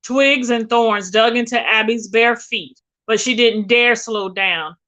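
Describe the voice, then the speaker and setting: A woman reads a suspense novel aloud with dramatic, expressive delivery. Her voice is bright and tense and sits a little high for a woman. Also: takes it slowly, highs cut off. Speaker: reader.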